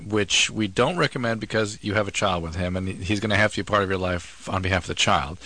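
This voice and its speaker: A man's voice: on the low side, quick pace, pushed and bright. A man co-hosting a call-in radio advice show, speaking directly and advisingly into a studio microphone.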